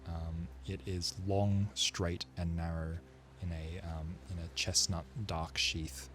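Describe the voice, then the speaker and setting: A man narrating a tabletop game as game master, casual and relaxed, with many fillers. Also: low voice, takes it slowly, a little hiss or hum.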